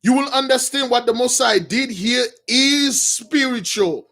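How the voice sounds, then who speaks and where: A high-voiced man preaches, alternating between reading an old text and retelling it in loose, informal asides. He addresses his listeners as brothers, often restarts his sentences, and drops lower when he makes his point. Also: unhurried, sharp tone. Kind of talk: sermon reading a text with commentary.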